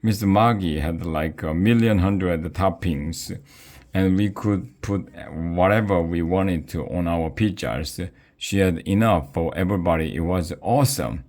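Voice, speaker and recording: A man reading a children's book aloud with a playful, expressive narration. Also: deep voice, measured pace.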